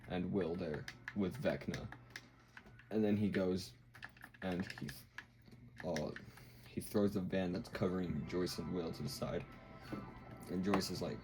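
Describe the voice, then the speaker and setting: Deep-voiced man rambling through a recap. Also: rough recording. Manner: rambling, full of fillers and acted-out quotes. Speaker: video host. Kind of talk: casual show recap.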